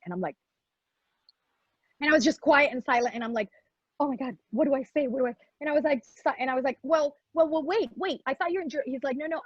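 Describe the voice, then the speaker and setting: A young adult woman telling a personal story in an animated way, acting out the other people's lines and mixing in Spanish words. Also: on the high side, dry recording, muffled recording. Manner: lively, acts out quoted voices, mixes in Spanish words.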